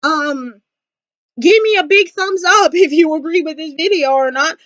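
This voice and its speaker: A woman talking straight to camera in a casual commentary vlog, emphatic and animated, repeating her points. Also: very high-pitched, a little slow, dry recording, dull audio. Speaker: vlogger.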